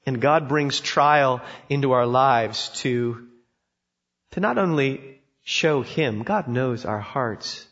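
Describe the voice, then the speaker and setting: A man's voice: mid-range voice, slow pace, fairly bright tone. A man preaching a sermon, telling a story with emphasis and putting questions to his listeners. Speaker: pastor. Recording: dull sound in a reverberant hall.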